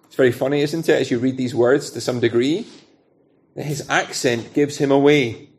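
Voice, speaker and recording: Scottish preacher, talking through a Bible passage. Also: male voice, mid-range voice, steady tone, moderate pace, darkish tone. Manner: conversational, asks rhetorical questions. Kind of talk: expository sermon.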